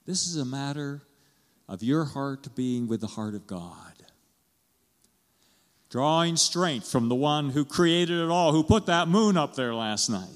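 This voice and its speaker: A man's voice: medium pitch, lively intonation, unhurried, in a large hall. A man pastor preaching a conversational sermon in a church, asking the congregation questions and chuckling as he goes.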